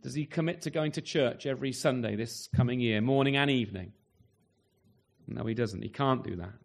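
A man's voice: fairly quick, creaky. A man preaching a sermon earnestly, asking rhetorical questions and letting his voice rise and fall widely. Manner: earnest, rhetorical questions, wide swings in pitch and loudness.

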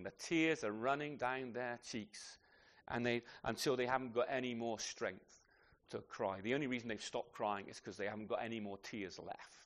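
A man preaching a sermon in a conversational way, often adding rhetorical tag questions. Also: mid-range voice.

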